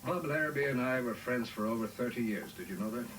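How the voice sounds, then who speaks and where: Actor as a grave middle-aged man, quiet and sober, distant, noisy film audio. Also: mid-range voice, quick pace, close to an everyday voice.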